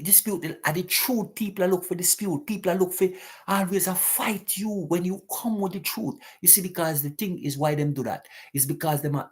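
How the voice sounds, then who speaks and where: A man's voice: fairly high pitch, slightly rough. A man hosting a live talk stream, preaching emphatically and repeating rhetorical questions to his listeners.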